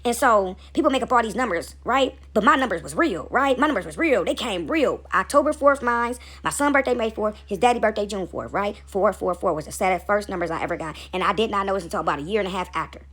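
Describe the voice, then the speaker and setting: A woman's voice: medium pitch, expressive, fast, hardly any pauses, fairly bright tone. A woman speaking to camera in a casual spiritual monologue. She keeps asking "right?" and repeats phrases for emphasis. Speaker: spiritual video host.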